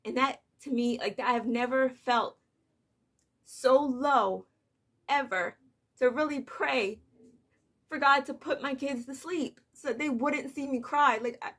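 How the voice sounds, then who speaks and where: A young woman and mother talking softly and haltingly in a personal vlog, holding back tears, with many fillers. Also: high voice. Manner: soft, hesitant, many "like" fillers, on the edge of tears. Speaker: vlogger, mother of two.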